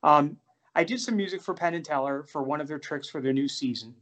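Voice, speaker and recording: A middle-aged man, a jazz pianist, telling animated, self-deprecating stories in a casual interview. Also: a little high, brisk. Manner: animated, self-deprecating anecdotes with many restarts.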